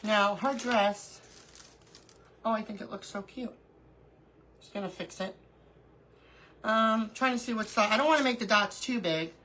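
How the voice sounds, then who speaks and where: A woman's voice: mid-range voice, measured pace, long pauses, slight background noise, poor audio. A middle-aged woman hosting a live crafting stream, chatting casually and telling stories with frequent laughter. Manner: animated storyteller, laughs often. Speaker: craft livestream host.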